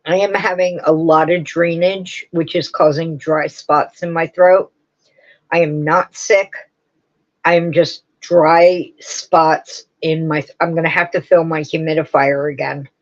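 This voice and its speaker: A woman's voice: low voice, little pitch movement, unhurried, muffled recording. A woman hosting a live crafting stream, rambling casually and answering her viewers' comments as she goes.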